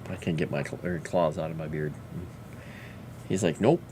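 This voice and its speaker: A man's voice: extremely low pitch, fairly even intonation, normal speed, background noise. A man chatting casually on a livestream, talking fondly to his pet and his viewers. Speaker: livestreamer and fantasy lore writer.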